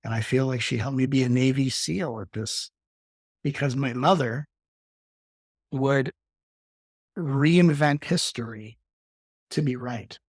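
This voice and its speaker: A middle-aged man, a spiritual teacher, talking reflectively in an interview and slowing his speech to show calm breathing. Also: husky, dry recording, studio quality. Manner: slows down and softens to demonstrate calm breathing; acts out quoted arguments with sudden rises in pitch.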